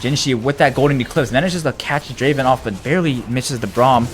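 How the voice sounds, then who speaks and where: A man doing live play-by-play commentary of an esports match, getting loud and excited during big plays. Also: medium pitch, brisk, soft background music.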